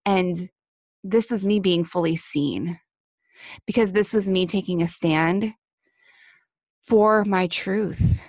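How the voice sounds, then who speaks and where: Earnest woman podcaster with vocal fry. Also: on the low side, slow pace, long pauses, a little mellow, no echo, clean studio sound. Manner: earnest, emphatic, repeats phrases for stress. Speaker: podcast host. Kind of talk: heartfelt solo podcast monologue.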